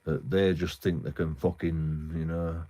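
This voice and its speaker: A man's voice: rumbling low, fairly even intonation, measured pace, dark tone. A young man, ranting casually on a live stream, rambling with heavy swearing and many restarts.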